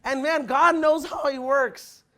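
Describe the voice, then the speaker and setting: Young male motivational speaker, high-pitched, punchy, keeps rallying the room. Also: a little slow. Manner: energetic, addresses the crowd as guys, acts out quotes. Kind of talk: motivational business talk.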